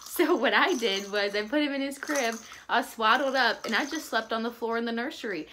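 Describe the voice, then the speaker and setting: A woman's voice: fairly high pitch, fairly quick, bright, forceful tone, a little hiss or hum. A young woman telling a casual, chatty story in a vlog, with lots of "like"s and bits of baby talk. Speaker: vlogger and new mother.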